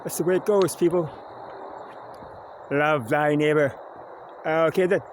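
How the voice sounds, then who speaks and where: A chatty Canadian man with a slightly high voice rambles to his camera as he walks outside, adding "eh" to his sentences. A faint hiss of outdoor noise sits behind him. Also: steady tone, unhurried. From Kingston, Ontario, Canada. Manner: chatty, wandering, tags "eh" onto sentences. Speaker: vlogger. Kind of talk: rambling live vlog. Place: outdoors, walking near a quarry and cemetery.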